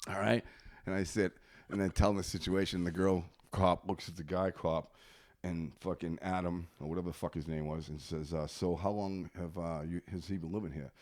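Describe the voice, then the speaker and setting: A man's voice: low voice, fairly even intonation, a little fast, a little mellow. A man telling a long profane story in casual podcast chat, laughing often. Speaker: comedian guest.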